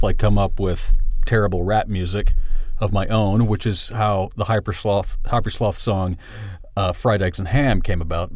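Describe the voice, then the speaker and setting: A man's voice: on the low side, no room sound, clean studio sound. Rambling, profane male podcast host. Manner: rambling, profane, self-deprecating. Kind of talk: casual solo podcast monologue.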